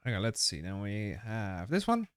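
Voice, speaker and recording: A man's voice: fairly low pitch, very animated, normal speed, clean tone, dry recording, studio quality. Rambling male game streamer. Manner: rambling, chatty, many fillers and restarts. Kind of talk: casual live-stream chat while gaming.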